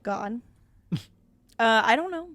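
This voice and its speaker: A young woman co-hosting a podcast, giggly and teasing in quick banter. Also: fairly high pitch, animated, fairly bright tone, dry recording. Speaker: podcast co-host. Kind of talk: casual chat.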